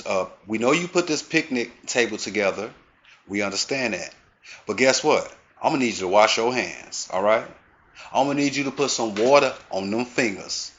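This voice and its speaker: A man's voice: lowish voice, animated, moderate pace, fairly bright tone. A man hosting a comedy video who lectures his listeners in a preachy, repetitive rant. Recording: dull lo-fi sound.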